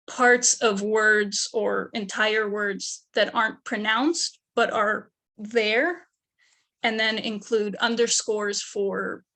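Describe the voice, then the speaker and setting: A young woman giving an academic research presentation, her voice gravelly with vocal fry. She works through her method methodically, one step after another. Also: mid-range voice, sharp tone. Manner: methodical, explaining steps one by one. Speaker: undergraduate researcher.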